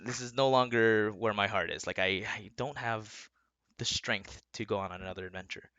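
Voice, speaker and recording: A man voicing a tired, gentle gray-haired elf woman in a tabletop game, speaking softly and tenderly. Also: lowish voice, normal speed, dry recording, dull audio, pitched below the performer's own voice. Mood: weary tender.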